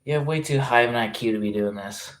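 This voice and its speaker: A livestreamer with a medium-pitched voice talks fast, rambling and interrupting himself as he reads and reacts to chat messages. Swearing comes freely.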